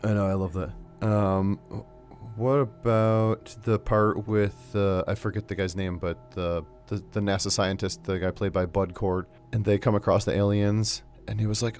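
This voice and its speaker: A man co-hosting a casual movie review chat who acts out lines from the film in an animated, profane way. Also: lowish voice, normal speed, soft background music. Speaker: podcast co-host reviewing a movie.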